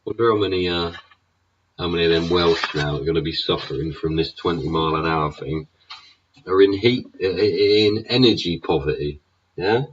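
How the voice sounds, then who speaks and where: A man's voice: deep voice, normal speed, husky. A man hosting his own show, ranting with constant swearing and tag questions like "innit". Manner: swears constantly, rhetorical tags like "innit" and "yeah". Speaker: show host. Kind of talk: profane ranting monologue. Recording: dull lo-fi recording.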